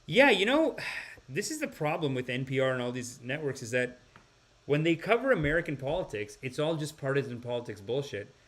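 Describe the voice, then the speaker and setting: A man's voice: medium pitch, very animated, fairly quick, fairly bright tone. A man hosting a podcast, reading viewer comments and rambling with sighs and restarts. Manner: rambling, sighing, slips into impressions. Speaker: podcast host.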